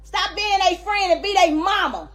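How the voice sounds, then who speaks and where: A woman's voice: extremely high pitch, normal speed, fairly bright tone. A middle-aged woman makes an angry, emphatic public plea as a grieving grandmother, repeating herself for force. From Louisiana, USA.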